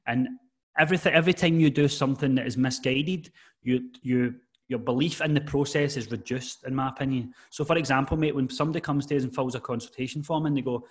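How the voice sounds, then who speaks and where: A man at a middle pitch, talking as a personal trainer guest on a podcast. He gives advice earnestly and emphatically, often dropping "mate" into his sentences in a relaxed conversational way. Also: quick pace, slightly rough. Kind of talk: casual podcast chat.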